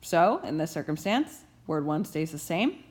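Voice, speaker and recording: A young adult woman teaching grammar rules, stressing key terms slowly and deliberately. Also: low-pitched, sing-song, a little mellow.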